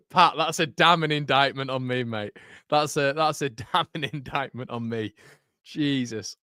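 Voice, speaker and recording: A man's voice: medium pitch, slow, long pauses, pushed and bright, clean tone, dry recording, studio quality. A young man hosting a live football watchalong, chatty and casual, who keeps breaking into giggles. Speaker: host.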